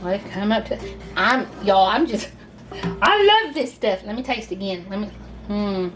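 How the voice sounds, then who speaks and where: A woman's voice: mid-range voice, animated, measured pace, fairly bright tone, soft background music. A Southern woman hosting a casual home cooking video, chatty and gushing as she talks viewers through the steps. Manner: chatty and gushing, says y'all a lot. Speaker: cooking channel host.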